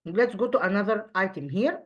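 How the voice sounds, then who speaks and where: Halting woman teacher. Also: medium pitch, lively intonation, lo-fi sound. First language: Arabic. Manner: halting, many fillers and restarts. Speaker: English teacher. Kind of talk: online English lesson for children.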